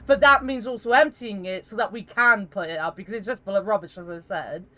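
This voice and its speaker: A woman's voice: medium pitch, fairly quick, sharp tone. A woman streamer in casual voice chat during a game stream, rambling and joking, swearing freely.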